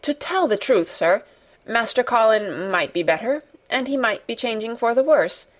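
A woman with a slightly high voice, lively intonation, and normal speed reads an audiobook character: a flustered, fussy middle-aged housekeeper who breathlessly explains herself to her master.

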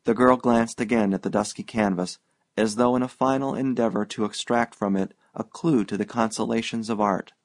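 A man narrating an audiobook in a steady, even-paced reading. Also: lowish voice, normal speed, dry recording.

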